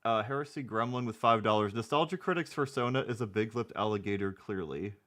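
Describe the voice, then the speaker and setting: A man's voice: lowish voice, fairly quick, a bit bright. A man hosting a reaction video, making amused, chuckling asides in casual commentary.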